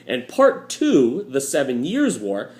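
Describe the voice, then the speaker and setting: A man walks through a history lesson in a relaxed, chatty tone, tossing in wry asides. His voice sits at an ordinary middle pitch. The home recording has a noticeably roomy echo. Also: takes it slowly. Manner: casual, joking asides, many uh fillers. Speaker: history teacher. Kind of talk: recorded lecture walkthrough. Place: home room with a dryer running.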